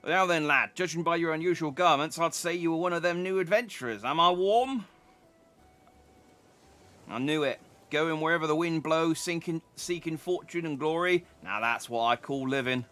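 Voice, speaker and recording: A man's voice: on the high side, moderate pace, pushed and bright, faint music behind, voice pushed up. A man voicing a chatty, folksy middle-aged merchant in a put-on rustic English accent, reading game dialogue aloud. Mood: friendly. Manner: homely, drawling with dropped letters.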